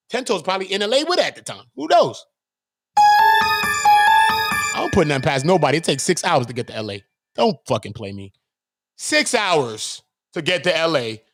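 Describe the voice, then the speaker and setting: A man's voice: high voice, fairly bright tone. A man hosting his own channel, ranting in a confrontational, profane way and firing off rhetorical questions. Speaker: channel host. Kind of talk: heated livestream rant.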